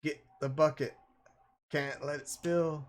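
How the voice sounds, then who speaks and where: A man's voice: on the high side, fairly even intonation, slow pace, voice pushed up. A man voicing a wheezy, stubborn old grandmother with a country drawl. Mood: urgent.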